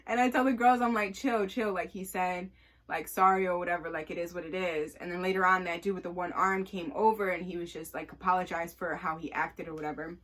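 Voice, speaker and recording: Young woman, low-ish voice, casual animated storytelling with acted-out quotes. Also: brisk. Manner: animated, acts out quotes, many fillers.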